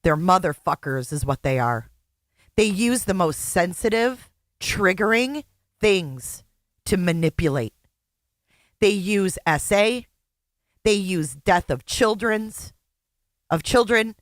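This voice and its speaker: A woman's voice: on the low side, expressive, slow pace, long pauses, no room sound, clean studio sound. A woman host reacting to a clip with blunt, angry commentary and heavy swearing.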